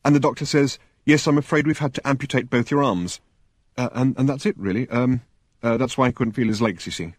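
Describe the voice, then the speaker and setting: A man's voice: mid-range voice, brisk, dry recording, studio quality, lightly acted. A man voicing a nervous female nurse who stammers and hesitates over every word. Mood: rambling.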